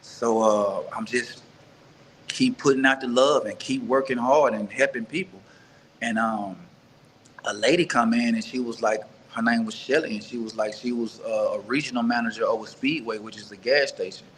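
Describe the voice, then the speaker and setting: A man from Mississippi telling his life story as an interview guest, earnest and halting, often restarting and repeating words. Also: mid-range voice, a bit bright, a little hiss or hum, poor audio. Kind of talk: personal life story in conversation.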